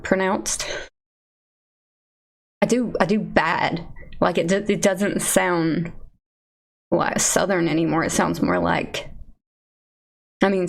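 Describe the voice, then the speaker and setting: A woman's voice: on the low side, gravelly. A woman with an Eastern Kentucky accent, rambling casually and self-deprecatingly as a livestreamer chatting to her viewers at her computer. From Eastern Kentucky, USA. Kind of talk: casual chat to a live chat.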